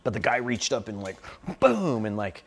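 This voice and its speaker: A middle-aged man with a lowish voice, telling his stories casually in a loose, rambling flow. He drops "like" and "you know" all through his sentences. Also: sing-song, normal speed, gravelly, breathy edge. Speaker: interview guest. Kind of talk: casual storytelling.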